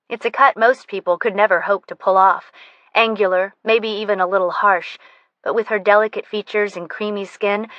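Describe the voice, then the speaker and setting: A woman's voice: mid-range voice, a bit bright, no echo. A woman reading a first-person audiobook in a wry, conversational way. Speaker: audiobook narrator. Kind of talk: scripted first-person narration.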